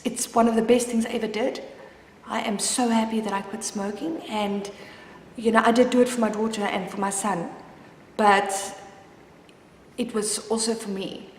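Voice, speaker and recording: Brief: candid mom vlogger, rambling and open, in a roomy space with a long reverb tail. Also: female voice, fairly high pitch. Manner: candid, rambling, with frequent restarts. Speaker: mother sharing her story. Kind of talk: personal confessional vlog.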